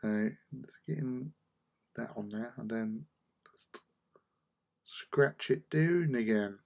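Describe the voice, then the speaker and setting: A man's voice: medium pitch, slow, gravelly, a little mellow, dull audio. A man chatting casually while he paints miniatures, muttering to himself as he works. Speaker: hobby painter.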